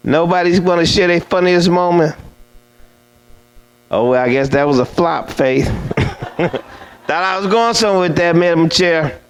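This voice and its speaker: Man, high and smooth, unhurried crowd-teasing emcee at a dinner. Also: low-quality recording. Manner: playful, teasing, chatty with the crowd. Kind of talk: humorous storytelling to an audience.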